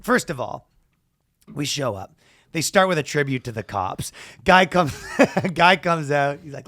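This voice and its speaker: Podcast co-host, man, high lively voice, comic storyteller who shouts his impressions. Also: a little slow, no room sound, studio quality. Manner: animated, acts out announcers with loud shouted quotes. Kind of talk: casual comedic storytelling.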